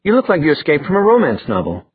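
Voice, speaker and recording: A bold young woman with a teasing, theatrical streak, as a male narrator raises his voice for her. The voice sits high and swings widely, a little husky. The sound is dry and thin, like a phone line. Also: wildly swooping pitch, fast, no room sound, full character voice. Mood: playful, theatrical. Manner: playful, theatrical.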